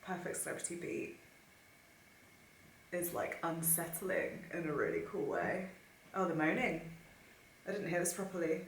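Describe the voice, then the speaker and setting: A young woman talks in an excited, gushing, emotional way, thinking out loud as she listens. Her voice sits a little low for a woman. The sound is roomy and echoey. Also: normal speed, long pauses, a little hiss or hum. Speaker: vlogger. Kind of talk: casual reaction commentary.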